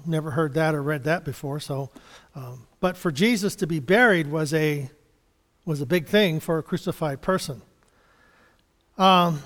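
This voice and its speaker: Man preacher, higher voice, loose and halting sermon delivery with small chuckles and restarts, long reverb from a church hall. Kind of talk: sermon Bible study.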